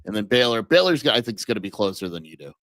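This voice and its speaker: A man's voice: lowish voice, big pitch swings, fast, a bit bright, no room sound. A man co-hosting a sports podcast, answering in a dry, matter-of-fact way and quoting statistics. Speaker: podcast co-host. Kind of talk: casual sports podcast chat.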